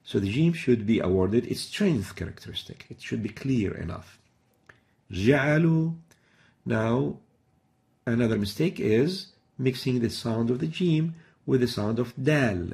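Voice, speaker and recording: Gravelly-voiced man teaching pronunciation. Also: mid-range voice, expressive, unhurried, darkish tone. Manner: methodical, demonstrates each sound by repeating example words. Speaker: Quran recitation teacher. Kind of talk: instructional lesson.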